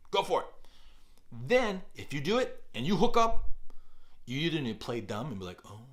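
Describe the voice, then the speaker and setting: A middle-aged kids pastor offers parenting advice on a podcast, delivering it with deliberately exaggerated energy in a fairly high-pitched voice.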